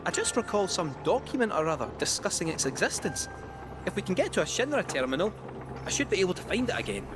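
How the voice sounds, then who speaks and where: An actor playing a cheerful fortune-telling robot cat with a sing-song, theatrical way of talking. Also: male voice, sits high, sing-song, fast talker, background noise. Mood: evasive.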